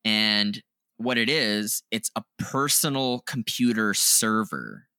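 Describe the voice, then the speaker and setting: A man co-hosting a podcast in casual chat, talking excitedly, swearing often and laughing loudly. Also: on the low side, slow pace, clear, resonant tone, no echo, clean studio sound. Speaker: podcast co-host.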